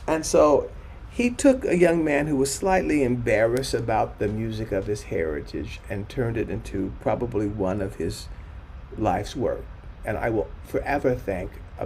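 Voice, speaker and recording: An older man tells stories from his life in a gravelly, creaky voice, reflective and unhurried, often restarting a thought. He slips into the voices of the people he quotes, with faint noise in the room behind him. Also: on the low side, a little mellow. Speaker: choral conductor speaking at a forum. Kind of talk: anecdotal storytelling talk.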